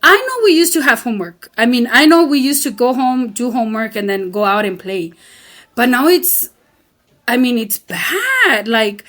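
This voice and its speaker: A woman's voice: a little high, normal speed. A woman in her fifties from El Paso, Texas, talking as a podcast guest, frank and emphatic, acting out quotes, laughing often and slipping into Spanish phrases. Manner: animated storyteller who acts out quotes and laughs often. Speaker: podcast guest, community founder. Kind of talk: casual conversation, switching into Spanish phrases.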